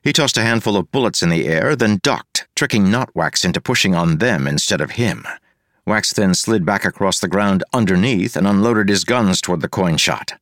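A man with a very low voice narrates an action story, brisk and lively in his delivery. The sound is dry and close, with no room around it. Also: no room sound. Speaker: audiobook narrator. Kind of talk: scripted narration.

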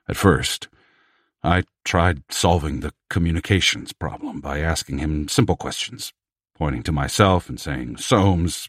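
Male reader doing a deep-voiced, quavering, amazed scholar for a storybook read. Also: no room sound, clean studio sound. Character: startled middle-aged male language scholar.

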